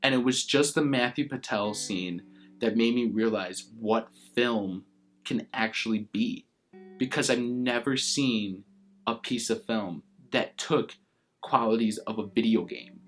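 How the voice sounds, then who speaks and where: This is a young man in a casual interview, his voice sitting low. He rambles with eager enthusiasm, stringing thoughts together with constant fillers. Faint guitar plays in the background. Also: measured pace, a bit bright. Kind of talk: casual chat about a favorite film.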